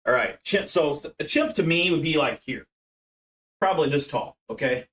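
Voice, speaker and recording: A man's voice: on the high side, expressive, normal speed, a bit bright, husky. Casting: young American man, brash profane streamer, rambling brag. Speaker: livestream host. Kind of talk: casual livestream chat.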